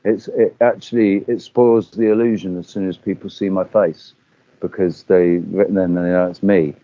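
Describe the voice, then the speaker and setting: A man's voice: low-pitched, fairly even intonation, normal speed, dark tone, dull audio. A man chatting casually as a guest on a video call, rambling with fillers and restarts.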